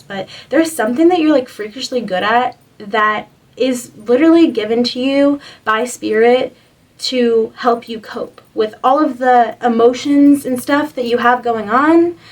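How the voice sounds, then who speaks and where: A woman's voice: a little high, recorded from a distance, rough recording. A young woman giving a spiritual reading to camera, earnest and encouraging, rambling with lots of "like"s. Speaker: spiritual reader.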